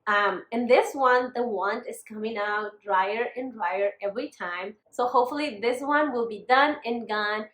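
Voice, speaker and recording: Casting: woman vlogger, fairly high voice, ranty and exasperated, echoey room. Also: a little slow, hardly any pauses, fairly bright tone. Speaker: beauty vlogger. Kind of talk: casual vlog chat.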